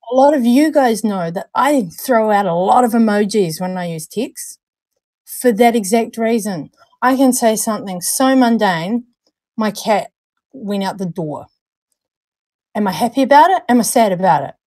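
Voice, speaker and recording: A woman's voice: mid-range voice, animated, measured pace, a little mellow, no echo. A young woman co-hosting a casual livestream chat, talkative, stumbling over and repeating words and laughing at herself. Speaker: podcast co-host.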